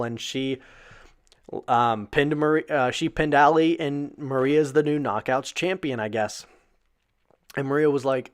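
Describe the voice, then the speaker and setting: A man casually recapping a wrestling show in a loose, filler-heavy way, swearing freely and breaking into excited disbelief. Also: medium pitch, normal speed.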